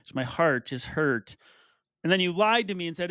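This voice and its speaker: A man's voice: on the high side, lively intonation, a little fast, fairly bright tone, no room sound, studio quality. A man co-hosting a running podcast in casual banter, telling stories with joking mock hurt while he is coming down with a cold. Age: adult with a wife. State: getting chills, coming down with a cold. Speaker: podcast co-host.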